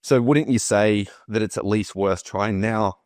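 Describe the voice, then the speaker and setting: Very deep-voiced man making his case. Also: unhurried, a little mellow, no echo, clean studio sound. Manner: argumentative, pressing his point with questions. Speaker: discussion participant. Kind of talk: casual online group discussion.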